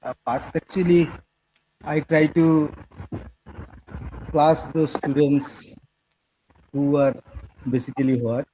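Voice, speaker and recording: A man, a workshop participant answering in a hesitant, halting way. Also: on the high side, fairly even intonation, warm tone, breathy edge, poor audio. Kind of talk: hesitant audience reply.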